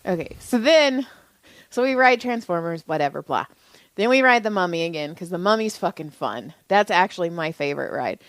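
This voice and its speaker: A woman's voice: fairly low pitch, lively intonation, a little fast, no echo, poor audio. A woman in her thirties co-hosting a podcast, telling a family story in casual chat, laughing often and acting out the voices of the people she quotes. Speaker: podcast co-host.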